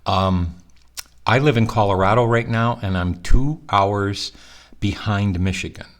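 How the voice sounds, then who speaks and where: A middle-aged male college professor with a slightly rough morning voice, talking students through an online course in a conversational, reassuring way with fillers and restarts. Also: on the low side, measured pace. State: morning voice, clearing throat. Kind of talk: recorded online course walkthrough.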